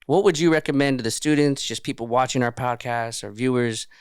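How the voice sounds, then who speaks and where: A man's voice: medium pitch, a little fast, clean tone, no echo, studio quality. A man hosting a podcast, hyping up his guests and asking questions in casual talk. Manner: upbeat, hypes guests. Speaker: podcast host. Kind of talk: casual interview.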